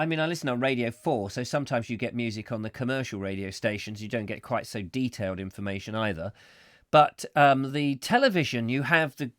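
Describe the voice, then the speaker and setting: A man's voice: a little high, fairly bright tone, dry recording, clean studio sound. A man hosting a live call-in chat show, rambling and chatty, with lots of ums as he reads out comments. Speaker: host.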